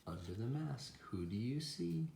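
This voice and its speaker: Lower-voiced dad reading picture books, very animated, roomy sound with a faint hiss. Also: male voice, vocal fry. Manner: slow, expressive, sing-song delivery with animal sounds. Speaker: parent reading to children. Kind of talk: children's picture-book reading. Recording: echoey room with faint noise.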